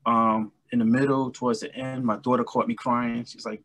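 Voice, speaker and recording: A middle-aged man from New York City, a guest musician chatting casually and telling animated stories. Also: medium pitch, normal speed, no echo. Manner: chatty, storytelling, animated anecdotes. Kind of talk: casual interview chat.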